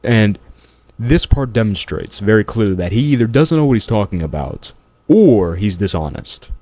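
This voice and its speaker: A man hosts a reaction commentary in a fairly low voice with a dark, mellow tone. He argues bluntly and brushes off the other side. The sound is dry and close. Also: big pitch swings, moderate pace, dry recording. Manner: blunt, argumentative, dismissive. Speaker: commentary channel host.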